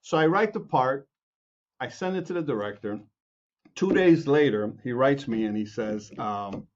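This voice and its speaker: A man from Chicago, a composer and guest, telling anecdotes with lively acted-out quotes, many restarts and laughs. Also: mid-range voice, moderate pace, muffled recording. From Chicago, USA. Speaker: music producer and film composer, guest. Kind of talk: animated anecdotal storytelling.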